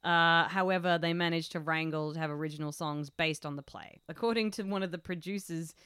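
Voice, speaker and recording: A woman's voice: sits low, fairly even intonation, fairly quick, fairly bright tone, clean tone, no room sound. A woman co-hosting a casual chat, joking and recapping plots. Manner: chatty, jokey, recaps plots with put-on voices. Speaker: podcast co-host.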